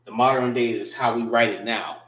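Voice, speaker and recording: This instructor's voice is mid-range and a bit bright, steady in tone and at normal speed, captured in an echoey room. Teaching writing and pronunciation, he patiently repeats each word and spells it letter by letter.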